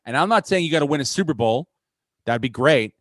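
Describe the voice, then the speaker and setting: A man hosting a podcast, talking sports in a profane, rambling, excitable way. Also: a little high, fairly quick, no echo. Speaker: podcast host. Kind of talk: casual sports chat.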